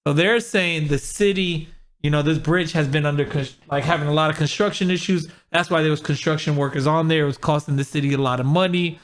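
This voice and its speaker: A man's voice: fairly high pitch, a little fast, a little hiss or hum. A man hosting a casual podcast chat, talking animatedly and acting out what other people said. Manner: animated, quotes people in raised voice. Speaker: podcast host.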